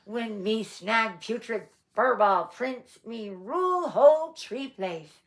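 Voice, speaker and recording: A woman's voice: a little high, animated, takes it slowly. A woman voicing crude, bossy Bigfoot stepsisters who bellow and talk in broken caveman speech. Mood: gloating.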